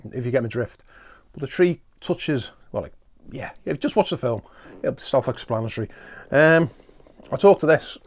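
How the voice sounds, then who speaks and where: A man hosting a podcast, rambling through a chatty, self-mocking solo comic monologue. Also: medium pitch. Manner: talks while eating at times. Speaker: podcast host.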